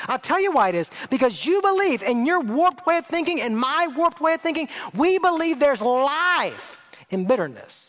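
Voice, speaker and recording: A middle-aged man preaching a sermon as a pastor, earnest and emphatic, repeating phrases and dropping his voice low for effect. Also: fairly bright tone.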